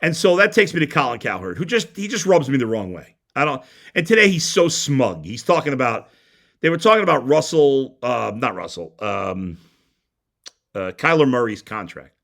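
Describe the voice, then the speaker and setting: A man's voice: medium pitch, very animated, normal speed, fairly bright tone. A man hosting a sports talk show, ranting bluntly and heatedly with frequent stumbling restarts. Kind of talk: opinionated sports radio rant.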